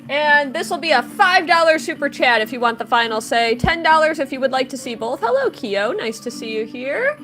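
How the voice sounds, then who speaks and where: A woman's voice: high-pitched, expressive, fairly quick, sharp tone, soft background music. A woman chatting casually on a livestream, greeting viewers by name while she draws. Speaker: livestreaming artist.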